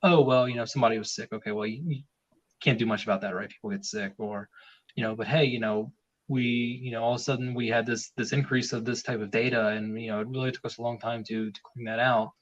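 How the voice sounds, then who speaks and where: A man's voice: fairly low pitch, fairly even intonation, quick pace. A man talking as a podcast guest in a rambling, casual way, with many fillers and restarts. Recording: dull lo-fi sound.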